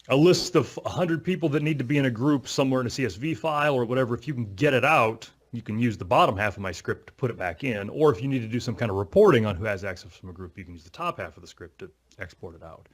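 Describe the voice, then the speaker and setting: A man's voice: mid-range voice, lively intonation, fast talker. A man co-hosting a tech podcast, talking in a rambling, self-mocking, chatty way. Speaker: podcast co-host. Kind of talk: casual tech podcast chat.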